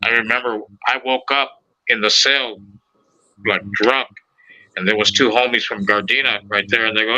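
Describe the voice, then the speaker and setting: A man's voice: on the low side, moderate pace, poor audio. A man hosting a podcast, telling stories in casual chat, swearing freely and acting out the voices of the people he quotes. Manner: animated, profane, acts out quoted voices. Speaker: podcast host.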